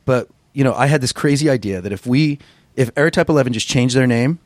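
A man who is a musician, telling stories in a casual interview, rambling and profane with a gruff voice. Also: medium pitch, a little fast, darkish tone, no echo. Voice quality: gruff singer's voice. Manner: rambling, profane, self-deprecating storyteller. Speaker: musician guest.

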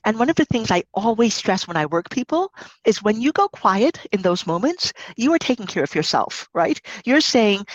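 A woman's voice: medium pitch, big pitch swings, moderate pace, no echo, dull audio. A woman author and consultant giving earnest, emphatic advice as a guest on a podcast. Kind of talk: podcast conversation.

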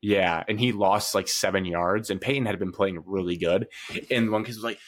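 A young man co-hosting a sports podcast, telling an animated story in casual chat, full of fillers. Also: lowish voice, a little fast. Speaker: podcast co-host.

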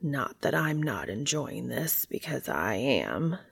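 A woman voicing a teasing adult man with a husky, low, soft voice in a story reading. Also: big pitch swings, slow, full character voice.

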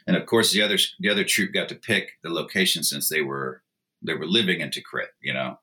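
A man's voice: deep voice, brisk. A middle-aged man, an army veteran, telling a war story in casual chat and acting out the voices of people in it. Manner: animated, acts out quoted dialogue.

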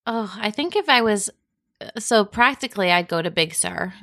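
A breezy woman co-host chatting on a podcast, animated and easy in her delivery. Her voice sits in a middle pitch, and the recording is close and dry. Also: normal speed, dry recording. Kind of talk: casual chat.

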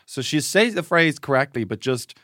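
A young man talks through an anecdote on a podcast, unhurried and hesitant, with plenty of fillers. His voice sits at a middle pitch, recorded dry and close. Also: no echo. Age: young adult. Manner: relaxed, halting storyteller with fillers. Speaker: podcast co-host. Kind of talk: casual chat.

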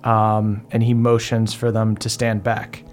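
A man narrating a tabletop game as game master, describing scenes at an unhurried pace with many fillers. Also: lowish voice, completely flat delivery, slight background noise.

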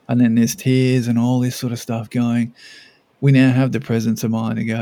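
Male podcast co-host, gravelly low-toned voice, loose rambling delivery. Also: flat delivery, moderate pace, warm tone. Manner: rambling, many restarts and "like"s. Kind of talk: casual parenting podcast chat.

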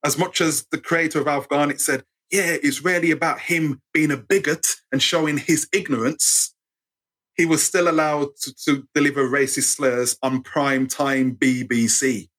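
A man in his fifties with an English accent, a guest telling animated stories in a casual interview. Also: on the high side, normal speed. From England. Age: 50s. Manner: animated, acts out voices in anecdotes. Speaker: guest storyteller.

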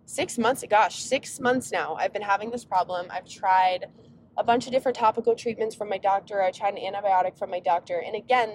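A young woman hosting a casual solo podcast while driving, rambling and interrupting herself, sounding a little sick and tired. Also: a little mellow. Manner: rambling, chatty, self-interrupting. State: sick, yawning. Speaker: podcast host. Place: inside a car on a road trip. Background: faint road rumble.

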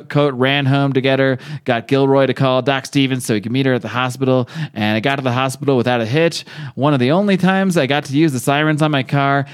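Podcast co-host, male, casual and animated, jumps into character voices. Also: medium pitch. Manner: animated retelling, acting out character lines. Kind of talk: casual comic book recap.

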